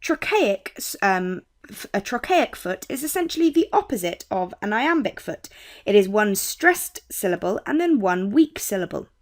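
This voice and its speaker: A young woman with a British accent, tutoring on poetry in a clear, measured way. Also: mid-range voice, very animated. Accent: British English. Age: young adult. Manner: clear, measured teaching with quoted lines read slowly. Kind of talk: explaining poetry terms.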